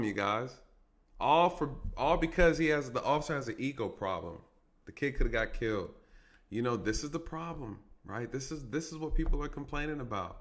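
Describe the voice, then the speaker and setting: A man's voice: mid-range voice, animated, moderate pace, a bit bright. A man who is a police officer giving casual commentary on an arrest video, talking conversationally and often checking in with "right?" and "you guys".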